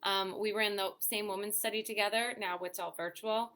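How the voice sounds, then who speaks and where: A woman's voice: medium pitch, fairly even intonation, fairly quick, a bit bright. A woman hosting a weekly live show for mothers, chatting casually and answering viewer comments with lots of "you know" and "um". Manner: frequent "you know" and "um" fillers. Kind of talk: casual live-stream chat.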